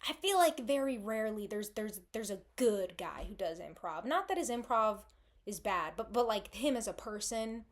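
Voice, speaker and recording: A woman's voice: mid-range voice, very animated, moderate pace. A young woman telling embarrassing stories in a casual, self-deprecating way, rambling with frequent restarts. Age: young adult. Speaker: vlogger. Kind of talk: casual storytelling monologue.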